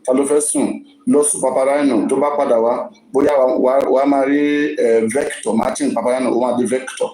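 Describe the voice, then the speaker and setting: A man's voice: medium pitch, steady tone, fast, hardly any pauses, mellow, roomy sound, slight background noise, low-quality recording. A man with a Nigerian accent hosting a casual live-stream gossip talk, emphatic and often repeating his words.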